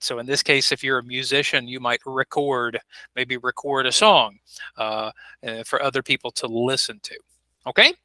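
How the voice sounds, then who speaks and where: A man's voice: on the high side, pushed and bright, no echo, low-quality recording. A man teaching an online English class, patiently repeating words and modeling pronunciation on a video call. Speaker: ESL teacher. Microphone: computer mic on a video call.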